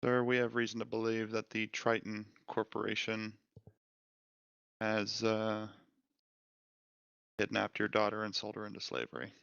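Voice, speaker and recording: A man's voice: on the low side, level tone, moderate pace, gravelly, long pauses, a bit bright, smooth, no room sound, muffled recording. A man voicing a formal officer who solemnly reports bad news to a father.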